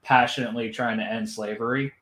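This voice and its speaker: A man's voice: mid-range voice, fairly even intonation, fairly quick, a bit bright, rough recording. A man chatting on a live stream. He talks hesitantly with many fillers and a dry, sardonic edge. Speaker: stream panelist. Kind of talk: casual chat.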